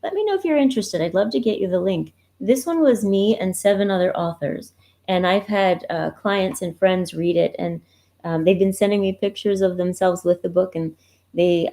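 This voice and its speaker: A woman coach speaking on a live stream, gently walking viewers through her resources and talking about grief in a reassuring way that asks them questions. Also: lowish voice, gravelly. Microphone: computer mic, browser livestream.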